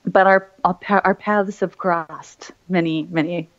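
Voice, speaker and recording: Unhurried and steady, her lowish voice carries a loose interview chat in which this woman voice actor rambles with frequent fillers and restarts. Audio quality is lo-fi and somewhat muffled.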